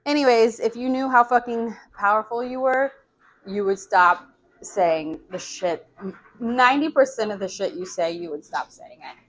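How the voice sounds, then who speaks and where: Speaking mid-range and a bit bright, a woman in her forties talks openly in a casual vlog, cursing freely and padding her chat with fillers. No room sound is audible.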